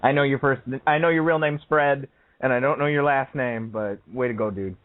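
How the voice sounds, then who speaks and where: A man joins a casual chat as a guest, speaking earnestly with a few halting restarts. His mid-pitched voice sounds thin and tinny, like a phone line. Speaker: guest panelist. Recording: tinny call audio.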